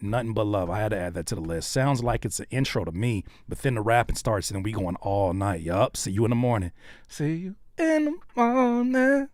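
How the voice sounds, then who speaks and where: A man reviews viewers' beats live, joking and animated as he swings from quiet asides to loud bursts. His voice sits fairly low. The sound is close and dry, with no room echo. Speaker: host reacting to viewer music. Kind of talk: live-stream casual commentary.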